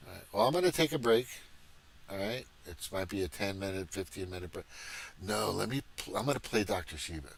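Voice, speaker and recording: Middle-aged male livestream host, low voice, profane rambling rant, agitated. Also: animated, brisk, vocal fry, a little hiss or hum. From Missouri, USA. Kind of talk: casual political rant.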